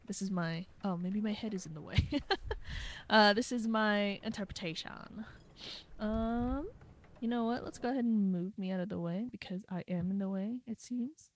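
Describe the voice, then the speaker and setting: A woman's voice: medium pitch, slight background noise. A woman streaming a game, giving casual, playful commentary and talking to herself.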